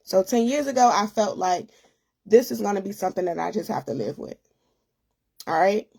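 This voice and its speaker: A woman's voice: mid-range voice, expressive, normal speed, gravelly, dark tone, slightly rough. A woman speaking as an author and host, giving a personal testimony in an emotional, conversational way and addressing listeners directly.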